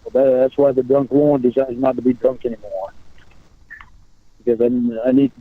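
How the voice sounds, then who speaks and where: A man on a phone call, talking in halting bursts and repeating his words as he restarts. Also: medium pitch, little pitch movement, dry recording. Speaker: caller on a recorded phone call. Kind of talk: casual phone conversation. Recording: tinny phone line.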